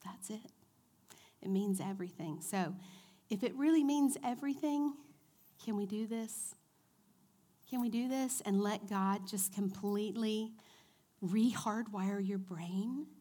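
A woman in her forties giving a church teaching talk to a women's group, chatty and animated, asking her audience questions. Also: mid-range voice, unhurried, pauses often. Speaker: women's ministry speaker.

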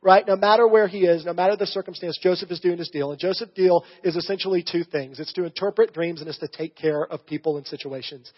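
Husky-voiced man preaching in a reverberant hall. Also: high voice, fast talker, hardly any pauses. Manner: conversational, asks the audience "right?". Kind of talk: sermon teaching through scripture. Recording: long reverb, dull lo-fi sound.

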